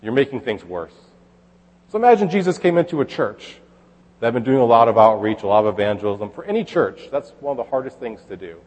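A man's voice: mid-range voice, big pitch swings, fast talker, darkish tone, big-room sound, low-quality recording. A man preaching a sermon in a casual, conversational way, reading scripture aloud and then explaining it. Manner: conversational, with fillers and restarts, reads scripture aloud. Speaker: pastor.

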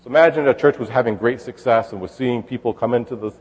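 A man gives a sermon with a slightly husky voice, sounding easygoing. He reads scripture aloud, then explains it with fillers and restarts. A long, lingering reverb trails his words. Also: mid-range voice, fast talker, darkish tone. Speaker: pastor.

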